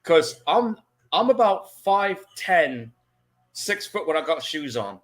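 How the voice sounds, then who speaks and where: Lively, laid-back male podcast co-host. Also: on the high side. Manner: laid-back, profane, quick to laugh along. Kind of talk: casual movie commentary chat.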